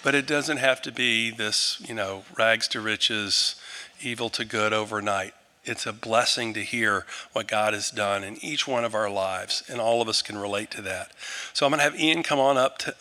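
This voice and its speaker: A male pastor leading an earnest, halting prayer before a church group. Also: mid-range voice, pushed and bright, in a large hall. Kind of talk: sermon and prayer.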